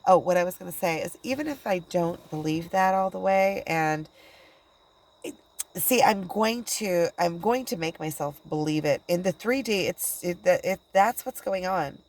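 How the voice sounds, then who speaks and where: Rambling low-voiced woman talking to camera. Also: rough recording. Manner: rambling, halting, with many restarts and quoted dialogue. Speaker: spiritual channeler and video blogger. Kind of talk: casual personal monologue.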